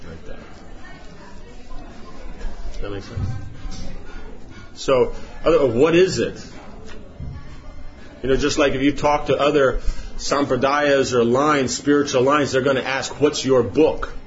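A man's voice: medium pitch, slow pace, pauses often, faint music behind. Guy teaching a class, rambly, lots of "you know", kinda muffled lo-fi sound. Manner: rambling, many "you know"s and rhetorical questions. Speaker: spiritual teacher. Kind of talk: informal class talk.

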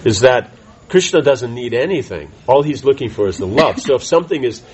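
A man's voice: medium pitch, lively intonation, darkish tone, highs cut off, a little hiss or hum. A man teaching a conversational scripture class, often restarting his sentences and checking in with "right?". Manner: halting restarts, keeps asking "right?".

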